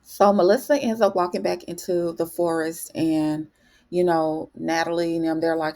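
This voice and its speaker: A woman hosting a casual TV recap, chatty and animated, calling her viewers "honey". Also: on the low side, moderate pace. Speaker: TV recap host. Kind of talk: casual spoken episode recap.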